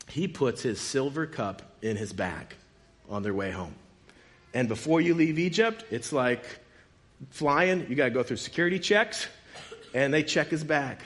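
A man preaching in a casual, conversational way, retelling a Bible story with lively quoted dialogue. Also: mid-range voice.

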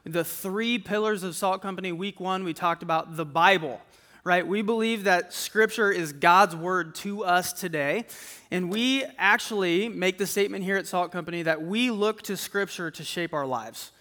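A man's voice: sits high, moderate pace, sharp tone. A man giving a casual, conversational sermon to students as a campus ministry speaker, often tossing in "like" and "right?". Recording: echoey hall.

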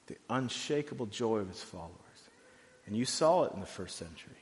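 Man, pastor, sermon, conversational, quiet to loud swings, echoey church hall. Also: fairly low pitch, lively intonation, fairly quick.

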